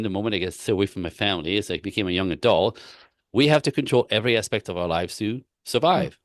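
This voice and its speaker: Male relationship coach, guest on a talk show, low voice, emphatic and repetitive, dry close sound. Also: fast talker, dry recording. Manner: emphatic, repetitive, animated storytelling. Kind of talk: casual interview talk.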